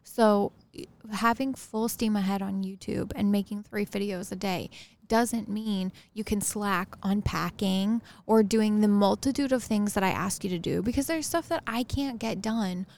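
Firm woman with a gravelly edge. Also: medium pitch, moderate pace, darkish tone. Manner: firm, insistent, pressing her point. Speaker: podcast co-host. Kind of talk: casual couple's podcast chat.

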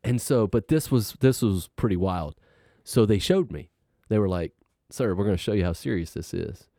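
A middle-aged man casually telling a personal story, animated and acting out what people said. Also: low voice, normal speed, no room sound, studio quality. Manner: animated, acts out quoted voices, laughs while telling.

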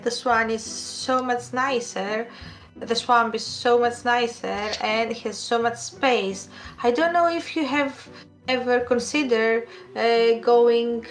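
A woman playing a tabletop game, speaking politely and hesitantly with many pauses. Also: fairly high pitch. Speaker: player. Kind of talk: tabletop role-play.

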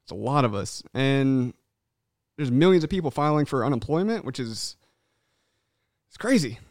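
A man co-hosting a casual podcast, animated and swearing freely, acting out people's voices when he tells stories. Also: medium pitch, moderate pace, no room sound, clean studio sound. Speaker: podcast co-host.

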